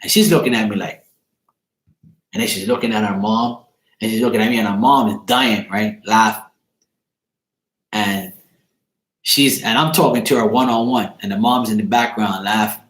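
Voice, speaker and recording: A man hosting a chat show, telling a story casually in an animated way, laughing and swearing freely. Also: lowish voice, moderate pace, long pauses, roomy sound.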